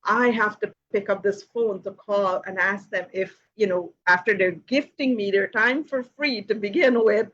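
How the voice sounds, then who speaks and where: A woman's voice: medium pitch, normal speed, hardly any pauses, a bit bright, muffled recording, a little hiss or hum. A woman hosting a live question-and-answer session, telling a personal story casually with many "you know" fillers and light laughs. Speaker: host of a live Q and A.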